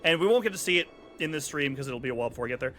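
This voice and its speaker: A man streaming a video game, chatting loosely and joking around. His voice is bright and animated, pitched a bit high. Faint game music plays behind him. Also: rapid-fire. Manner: chatty, joking, does silly put-on accents. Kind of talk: casual gameplay commentary.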